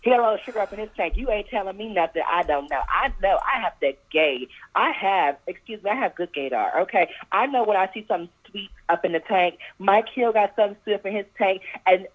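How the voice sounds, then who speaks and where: Brief: sassy, animated woman caller, tinny phone line. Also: medium pitch, quick pace, few pauses. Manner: sassy, keeps saying girl and honey. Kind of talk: gossipy call-in rant.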